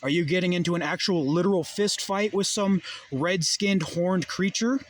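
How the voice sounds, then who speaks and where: A man's voice: sits high, normal speed, slight background noise. A young adult man delivering a heated, profane monologue full of rhetorical questions. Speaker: vlogger. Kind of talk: ranting monologue.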